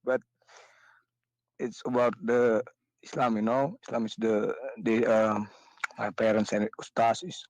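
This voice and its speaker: A male caller who speaks haltingly, full of hesitations, as he defends his faith in a debate. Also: lowish voice, level tone, a little mellow, no room sound, poor audio. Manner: halting, full of fillers and restarts.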